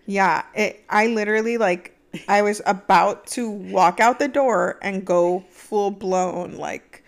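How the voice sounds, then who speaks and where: A woman's voice: mid-range voice, slow pace, vocal fry. A young adult woman co-hosting a podcast, venting candidly in casual chat and laughing easily. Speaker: podcast co-host.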